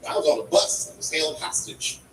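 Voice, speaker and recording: A man doing stand-up, telling a profane story and acting out scenes with animated delivery. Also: a little high, a little fast. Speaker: stand-up comedian. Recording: far-off echoey room, loud background noise.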